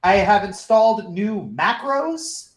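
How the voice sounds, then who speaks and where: A man's voice: high-pitched, big pitch swings, takes it slowly, echoey room, a crowd in the background, rough recording. A man running a tabletop game as game master, chatting casually on a voice call, playful and mock-menacing, laughing often.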